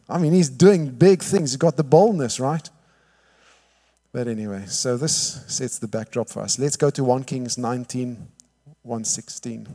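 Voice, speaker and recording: A man preaching a sermon, telling the story lively, acting out the quotes and often asking "all right?". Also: mid-range voice. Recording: long hall reverb.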